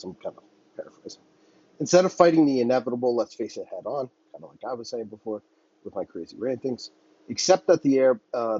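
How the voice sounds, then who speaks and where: A man's voice: on the low side, dark tone, breathy edge, no room sound, muffled recording. A man hosting a podcast, ranting on his own in a heated, profane, rambling way. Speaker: podcast host. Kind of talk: solo political commentary rant.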